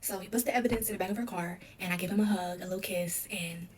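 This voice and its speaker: A young woman tells her own story in an interview, the words tumbling out quickly. Her voice sits a little low for a woman. She keeps acting out the dialogue, so the retelling stays loose and candid. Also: breathy edge. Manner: rapid, filler-heavy retelling with quoted dialogue.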